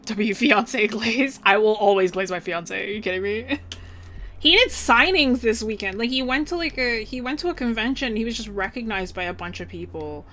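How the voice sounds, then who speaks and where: A young woman streamer chatting casually, bubbly and rambling, full of "like" and quick laughs. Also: fairly high pitch, pushed and bright, slight background noise. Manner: bubbly, rambling, heavy "like" filler, bursts of laughter.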